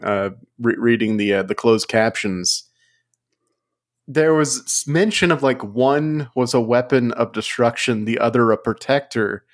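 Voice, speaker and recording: A man co-hosting a casual movie review chat, thoughtful and halting, often restarting his sentences. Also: mid-range voice. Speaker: podcast co-host.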